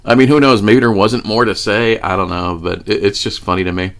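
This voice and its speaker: A man's voice: on the low side, fairly even intonation, brisk. A man telling a story to camera in a casual, profane way, laughing often. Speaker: vlogger.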